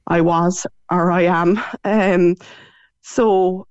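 A woman's voice: lowish voice, steady tone, extremely slow, a little mellow, clean tone, no room sound. An Irish woman in her forties chats on a radio show, telling a story with emotion and slipping into other people's voices. Her voice comes through a dull, muffled line. The sound is dry and close. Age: 40s. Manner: chatty, emotional, quotes others often. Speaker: radio guest. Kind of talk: casual storytelling chat.

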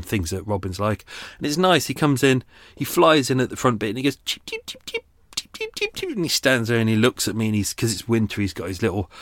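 A man's voice: lowish voice, fairly bright tone, dry recording, studio quality. A man hosting a podcast from his canal boat's front room, talking in an exasperated, muttering way. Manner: exasperated, swearing, muttering under his breath. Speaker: podcast host. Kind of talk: casual monologue. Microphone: home recording setup.

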